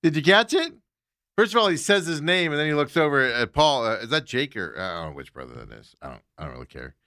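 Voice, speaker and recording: A man's voice: medium pitch, expressive, quick pace, bright, forceful tone, no echo, studio quality. A man hosting a sports talk show, chatting in a loose, casual way with chuckling asides.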